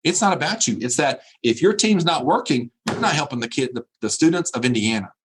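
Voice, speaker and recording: A man's voice: medium pitch, animated, brisk, fairly bright tone, a little hiss or hum. A man giving a motivational keynote by remote video call, preachy and emphatic, repeating his phrases. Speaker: keynote speaker.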